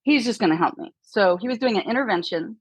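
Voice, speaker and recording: A woman chatting casually as a guest, telling animated stories and mimicking people in hushed voices. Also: mid-range voice, fast, breathy edge, no room sound, poor audio. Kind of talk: casual chat.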